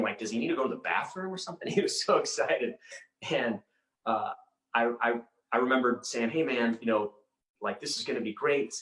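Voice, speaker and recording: A man giving an inspirational talk, telling a personal story in an earnest, halting way with many repeated words. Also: lowish voice, fairly bright tone. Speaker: inspirational speaker. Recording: roomy echo.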